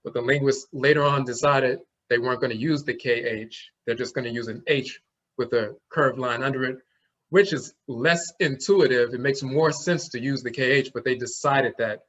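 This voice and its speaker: A man teaches a class at a steady, mid-pitched level, walking through one symbol after another. He often stops to voice the sounds himself. The recording is dull and lo-fi. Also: normal speed. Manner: explanatory, demonstrates sounds aloud. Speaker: language teacher. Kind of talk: classroom lecture.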